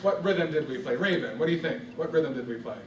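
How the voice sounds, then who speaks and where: A man's voice: fairly high pitch, animated, fast. A man teaching a music class, patiently quizzing his students by name. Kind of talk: classroom instruction. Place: echoey classroom. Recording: distant echoey classroom with background noise.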